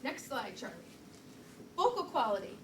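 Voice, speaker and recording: A middle-aged woman leads a live training session in a chatty, self-deprecating way, her voice sitting a little high. She is picked up from a distance in an echoing meeting room, with noise underneath. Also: sing-song, moderate pace. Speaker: public speaking trainer. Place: meeting room, recorded from the back. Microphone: far camera mic. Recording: roomy, distant and noisy room recording.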